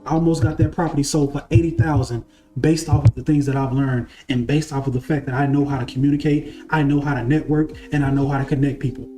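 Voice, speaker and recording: A man's voice: medium pitch, level tone, fast, mellow. A man casually telling a personal story to camera, repeating himself and checking whether listeners follow. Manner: conversational, repeats phrases, asks listeners if they follow. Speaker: spiritual content creator and card reader. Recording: faint music underneath.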